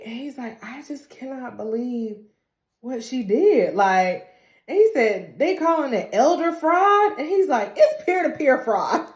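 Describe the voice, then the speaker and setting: Animated woman recapping in an echoey room. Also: a little slow. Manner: animated retelling, acting out characters' lines with big pitch jumps and laughs. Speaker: recap vlogger. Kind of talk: casual TV recap.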